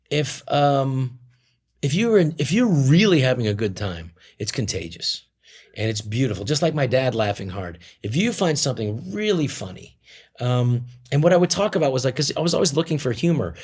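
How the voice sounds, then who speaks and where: Middle-aged guy on a talk show, rambling, lots of um and restarts, mid pitch. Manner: rambling, many restarts and fillers. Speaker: comedian guest. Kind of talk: casual interview storytelling.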